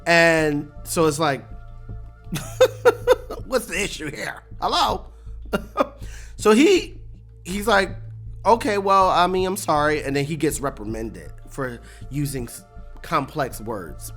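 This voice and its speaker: Lively, bright-voiced recap host. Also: medium pitch, slow pace, long pauses, faint music behind. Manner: animated, laughs often, acts out quotes. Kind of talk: casual TV episode breakdown.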